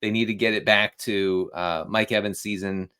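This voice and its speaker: A man with a low voice gives casual football analysis. He talks steadily and leans on numbers to make his points. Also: smooth. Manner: steady, stat-heavy, measured.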